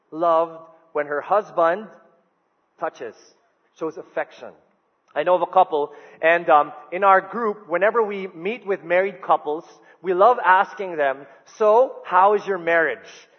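A middle-aged man preaching a sermon, telling stories with animated delivery and sudden soft dips when he quotes someone. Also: high voice. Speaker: pastor. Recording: dull sound with long hall reverb.

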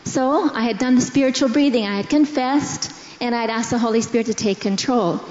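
Slow, earnest woman in an echoey hall. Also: fairly high pitch, a little mellow. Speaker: pastor's wife sharing testimony. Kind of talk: personal testimony in church. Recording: echoey hall, dull sound.

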